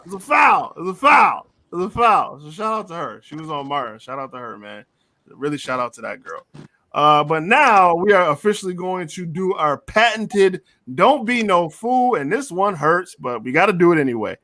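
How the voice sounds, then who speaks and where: A joking, animated man hosts a casual sports talk show. His voice sits high and swings widely in pitch, with a bright edge. The sound is dry and close. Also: normal speed, dry recording. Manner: animated, joking, lots of repeated phrases.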